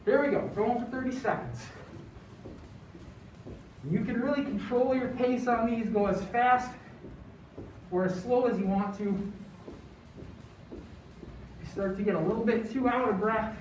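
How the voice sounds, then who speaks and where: This fitness instructor speaks at a measured pace with a mid-range, slightly mellow voice and frequent pauses. Coaching a broadcast home workout encouragingly, counting down between exercises, the instructor is recorded in a large echoey room on a distant, dull mic with slight background noise.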